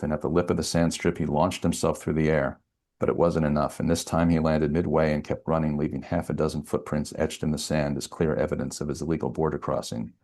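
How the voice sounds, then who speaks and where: Very deep, gravelly male author reading. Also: a little mellow. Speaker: novelist. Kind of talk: author reading his own novel aloud.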